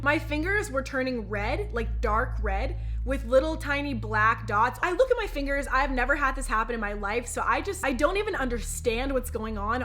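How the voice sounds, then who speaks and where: A young woman with a high, bright voice tells a story to her camera. She is chatty and animated and keeps turning to her viewers. It sounds like a casual vlog. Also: a little hiss or hum. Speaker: vlogger.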